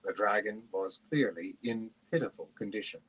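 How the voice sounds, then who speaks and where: A man reads a fantasy novel aloud at a steady, measured pace. His voice sits fairly low and sounds husky. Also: low-quality recording. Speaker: reader.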